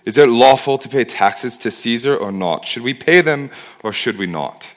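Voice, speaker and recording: A man's voice: mid-range voice, expressive, normal speed, voice pushed down, natural voice. A man putting on a sly villainous Pharisee. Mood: oily. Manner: sly mock villain accent. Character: flattering scheming male Pharisee, villain.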